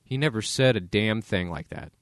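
Podcast host, man, blunt and lively, swinging his pitch widely, dry close sound. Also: moderate pace, no echo. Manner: blunt, acts out voices in dialogue. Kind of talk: casual opinion commentary.

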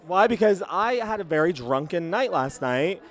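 A man with a slightly high, worn-out voice hosts a loose podcast chat at a busy venue after a show. He is excitable and theatrical, and laughs between remarks. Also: normal speed. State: voice worn out after a night of singing. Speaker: podcast host. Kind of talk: casual chat at a concert.

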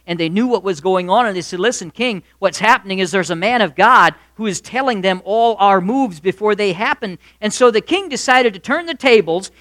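A man preaching a sermon, retelling a Bible story in an animated way and acting out the voices of its figures. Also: high voice. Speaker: pastor.

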